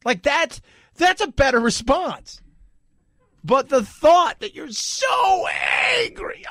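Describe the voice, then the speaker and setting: Guy hosting talk radio, high voice, jumps around a lot, sarcastic. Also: slow pace, no echo, raised voice, clean studio sound. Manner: animated, mocking, jumps into exaggerated quoted voices. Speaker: radio talk show host.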